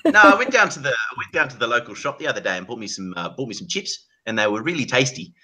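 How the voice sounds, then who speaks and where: A man's voice: mid-range voice, sing-song, quick pace, pushed and bright. A man putting on a hammy fake Australian bloke. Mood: mock-earnest. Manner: hammy, slangy put-on accent with "mate". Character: man faking an Australian accent. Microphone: video call.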